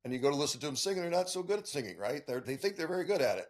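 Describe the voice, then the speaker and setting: Quick-talking male podcast host. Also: on the high side, sing-song. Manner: conversational, rephrases his questions as he goes. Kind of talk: interview questions.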